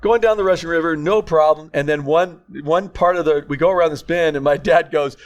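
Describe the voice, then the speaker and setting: An older man and grandfather, co-hosting a podcast and telling stories in a casual chat, animated and often laughing as he talks. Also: on the high side, brisk. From California. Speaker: podcast co-host.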